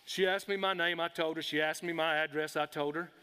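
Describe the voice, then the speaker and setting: High, bright preacher in a hall. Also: male voice, a little fast, clean tone. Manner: folksy, animated storyteller addressing the congregation. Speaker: pastor. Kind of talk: storytelling sermon. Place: church sanctuary. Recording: reverberant hall.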